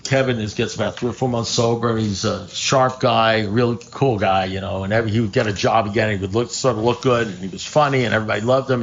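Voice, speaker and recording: An older man shares his recovery story at a meeting, acting out both sides of old phone calls and cursing freely. His voice sits at an average pitch. The room recording is a little muffled, with faint ambience behind him. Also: vocal fry, a little hiss or hum. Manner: animated storyteller, acts out phone calls, swears, laughs at his own punchlines. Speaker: AA speaker.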